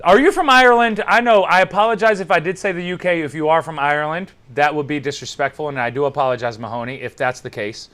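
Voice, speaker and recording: A young man from the United States hosting a casual podcast and reading out live chat, animated and swearing freely, with loud laughs. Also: fairly high pitch, quick pace, hardly any pauses. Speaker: podcast host.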